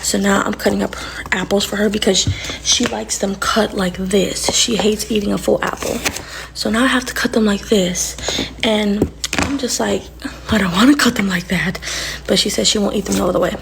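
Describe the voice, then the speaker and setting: A woman's voice: medium pitch, steady tone, normal speed, gravelly, background noise. A young woman telling casual storytime stories about her little sister, acting out the lines in her story as she goes.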